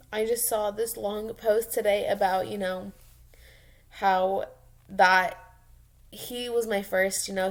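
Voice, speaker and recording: A young woman talks about motherhood in a casual personal vlog. Her pitch sits in the middle, and she takes her time. She rambles and grows emotional, with frequent ums and soft laughs. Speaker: mom vlogger.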